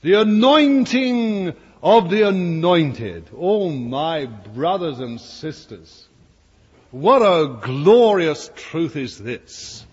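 Husky-voiced preacher in a hall. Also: male voice, a little high, lively intonation, very slow. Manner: fervent, emphatic preaching with asides to the congregation. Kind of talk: sermon. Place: church hall before a congregation. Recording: dull, lo-fi recording with long hall reverb.

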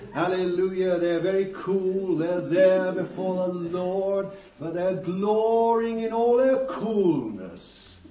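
A man preaching a fervent sermon, calling his listeners beloved and breaking in with amen and hallelujah. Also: high voice. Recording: dull distant recording in a roomy hall.

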